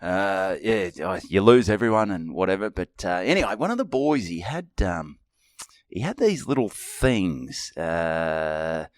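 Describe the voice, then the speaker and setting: A man's voice: sits low, measured pace, no room sound. A middle-aged Australian man telling a rambling, sweary story on a podcast he co-hosts. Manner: rambling, swearing, animated anecdote. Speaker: podcast co-host. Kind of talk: casual storytelling chat.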